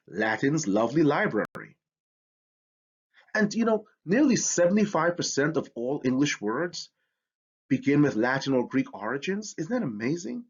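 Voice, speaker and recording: A man's voice: mid-range voice, slightly rough, highs cut off. A man teaching a spelling lesson, explaining with enthusiasm. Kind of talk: educational lesson.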